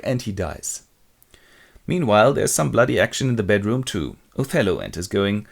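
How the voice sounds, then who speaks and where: A man narrating a comic retelling of a play in a wry, chatty way. His pitch moves a great deal, which keeps the storytelling animated. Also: moderate pace, gravelly. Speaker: narrator and presenter.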